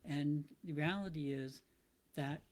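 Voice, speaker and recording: A man's voice: on the high side, a little slow, a little mellow. A man hosting a motivational talk, thinking aloud in a casual, reflective monologue full of restarts. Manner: thoughtful, rambling, with frequent restarts. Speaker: motivational podcast host.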